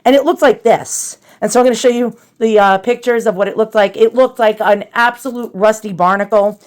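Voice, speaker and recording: A woman's voice: fairly high pitch, fairly even intonation, fairly quick. A woman hosting a casual show-and-tell vlog, chatty and rambling, with many fillers and restarts, nervous and self-deprecating. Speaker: antiques vlogger.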